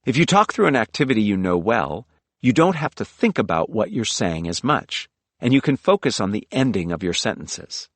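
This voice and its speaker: Lively, low-voiced man narrating an audiobook. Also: no room sound. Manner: instructive, coaching the listener through exercises.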